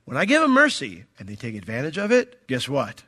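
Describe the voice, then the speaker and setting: Emphatic, lively male preacher. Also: mid-range voice, fairly quick. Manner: animated, emphatic preaching with acted-out quotes. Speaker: pastor. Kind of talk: sermon.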